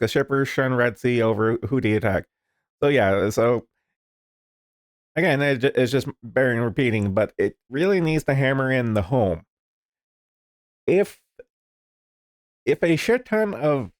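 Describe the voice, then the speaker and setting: A man's voice: mid-range voice, no room sound, studio quality. A man casually commenting on the news, rambling and swearing, with lots of fillers. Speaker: streamer reading the news.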